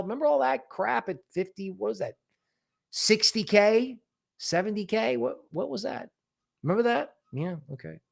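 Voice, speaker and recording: A man's voice: high voice, a little slow, creaky. A man hosting a crypto livestream, talking casually and animatedly, often mocking other people's worries in quoted voices. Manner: animated, sarcastic, mock-quoting others.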